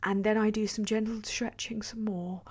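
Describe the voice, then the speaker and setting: A woman putting on the soft, refined voice of a genteel English lady, hushed and gentle, as an impression during a livestream. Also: medium pitch, steady tone, moderate pace, slightly rough, natural voice. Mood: dreamy.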